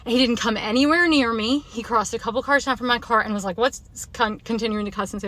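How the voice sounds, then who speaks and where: A woman's voice: a little high, brisk, few pauses, bright, forceful tone, no echo. A woman telling a story in an agitated selfie-video rant, speaking emphatically and repeating herself. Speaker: social media video poster.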